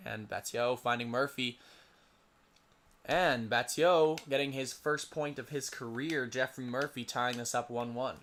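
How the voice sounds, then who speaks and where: A man's voice: mid-range voice, measured pace, fairly bright tone. A young man doing casual solo play-by-play for a simulated lacrosse game, stumbling over player names and muttering asides to himself.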